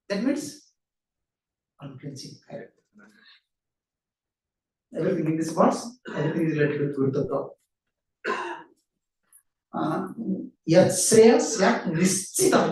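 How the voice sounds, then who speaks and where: A man's voice: on the high side, sing-song, measured pace, long pauses, a little mellow. A man giving an earnest devotional lecture, who repeats key phrases and asks and answers his own questions. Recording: roomy hall sound from a distant mic.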